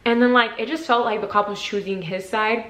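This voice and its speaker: A woman's voice: fairly high pitch, fairly even intonation, fairly quick. A young woman vlogger telling a story in a casual storytime video, full of "like" fillers and acted-out quotes. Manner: chatty, frequent "like" fillers; acts out quotes with sudden shifts in loudness. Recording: roomy echo.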